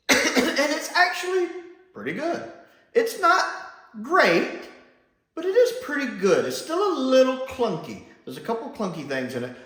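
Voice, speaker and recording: A man's voice: medium pitch, fairly bright tone. A man giving a casual spoken review on his channel, chatty and rambling, often acting out lines. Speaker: video reviewer. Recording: echoey room.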